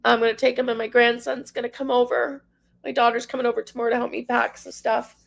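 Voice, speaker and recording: Tearful middle-aged woman livestream host, rambling to chat, gravelly and a bit high. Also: little pitch movement, quick pace. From Canada. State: crying. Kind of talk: emotional livestream chat with viewers.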